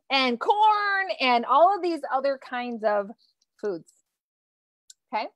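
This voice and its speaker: Animated high-voiced woman nutrition coach. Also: slow pace, dry recording. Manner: animated, casual, swears freely, reacts to viewer comments. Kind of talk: live-streamed coaching talk.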